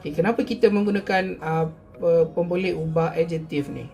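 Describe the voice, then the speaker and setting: Gravelly teacher saying "okay" a lot. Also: male voice, a little high, warm tone, highs cut off, faint music behind. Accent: Malaysian English. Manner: explains slowly, says "okay" often, mixes in Malay. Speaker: English teacher. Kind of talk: recorded classroom lesson.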